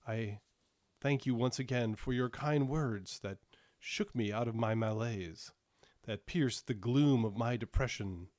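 A man's voice: medium pitch, darkish tone, no echo, clean studio sound, close to an everyday voice. A man doing an imperious giant king. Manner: grand, formal, commanding speech. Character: imperious male giant monarch, once depressed. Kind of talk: tabletop role-play.

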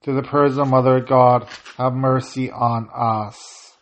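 A man's voice: mid-range voice, level tone, slow pace. A man leading a prayer service, chanting and intoning the prayers, with short plain-spoken asides between them. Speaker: prayer leader. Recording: slightly dull lo-fi audio.

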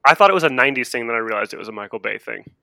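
A man with a gravelly, bright, edgy voice trading sarcastic remarks in a casual podcast chat. The recording is close and dry, with no room sound. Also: mid-range voice, animated, racing, dry recording. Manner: wry, sarcastic interjections. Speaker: podcast co-host.

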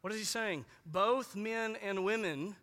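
A man preaching with a high, bright voice that rings through a hall with a long reverb. He is emphatic, repeats his key phrases and slows down sharply to press home single words. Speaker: pastor. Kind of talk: sermon.

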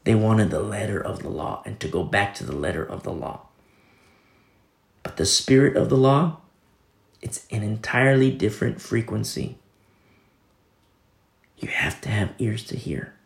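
With a fairly low, creaky voice, this male preacher talks at normal speed in a reverberant space. His sermon is casual and narrative, and he reads and quotes from scripture throughout.

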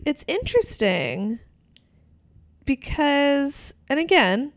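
A woman's voice: high-pitched, sing-song, takes it slowly, gravelly, dry recording. A woman co-hosting a casual podcast from home, chatty and laughing often. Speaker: podcast co-host. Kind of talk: casual chat. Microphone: studio mic.

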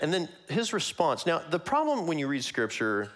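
A man preaching a sermon, walking through a Bible passage verse by verse in a conversational, animated way that acts out the characters. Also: on the high side, moderate pace.

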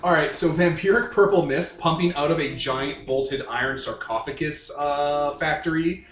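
A man's voice: on the high side, normal speed, fairly bright tone, roomy sound, a little hiss or hum. A man narrating as game master, rambling through descriptions with lots of fillers.

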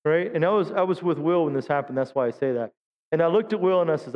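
Pastor with a higher voice, preaching in a reverberant church. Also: male voice, animated, fast talker, a little mellow, muffled recording. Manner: humorous storytelling, acts out quotes in high voices. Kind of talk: sermon. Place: church sanctuary.

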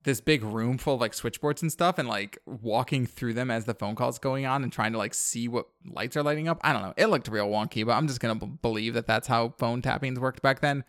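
A man's voice: mid-range voice, a little fast, few pauses, fairly bright tone, no echo, clean studio sound. A man on a podcast casually recapping a horror movie plot, rambling with lots of fillers and wry asides. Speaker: podcast co-host.

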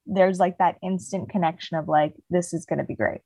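A woman's voice: fairly low pitch, a little fast, creaky, mellow, no room sound, rough recording. A young woman co-hosting a podcast, casually retelling a book's plot with lots of "like" fillers. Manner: rambling retelling, heavy "like" fillers. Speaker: podcast co-host. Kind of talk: casual book chat.

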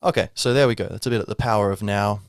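Low-voiced man musing aloud. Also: racing, clean tone, dry recording, clean studio sound. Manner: rambling, casual, many fillers and restarts, wry asides. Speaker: podcast host. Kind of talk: reflective spiritual monologue.

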